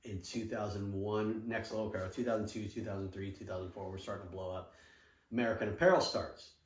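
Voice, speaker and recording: Middle-aged male guest, lowish register, lively raconteur who acts out dialogue and swears; roomy, off-mic sound. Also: quick pace, far from the mic, slight background noise. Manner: animated, acts out quoted dialogue, swears freely. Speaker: podcast guest, surf apparel businessman. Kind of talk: casual storytelling interview.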